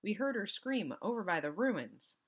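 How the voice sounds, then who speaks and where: A woman's voice: mid-range voice, very animated, moderate pace, pitched above the performer's own voice. A woman voicing an anxious, frightened young woman in a storybook reading. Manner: anxious, breathless.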